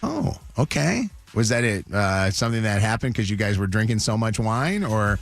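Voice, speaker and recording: Morning radio host guy, lowish voice, casual and nosy, faint music behind. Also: big pitch swings, moderate pace, vocal fry. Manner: probing, casual. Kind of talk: morning radio call-in segment.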